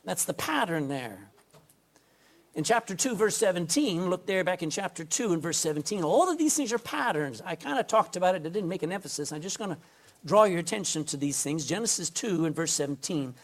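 Preaching to a congregation indoors, this pastor asks for an amen again and again in a folksy, emphatic sermon. He speaks a little fast, with a high-pitched voice and lively intonation.

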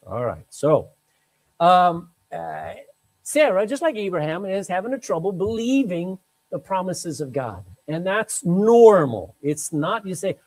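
A man's voice: high-pitched, sing-song, measured pace, a little mellow, poor audio. A man preaching a sermon, reading scripture aloud and breaking in with emphatic, chatty asides. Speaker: pastor.

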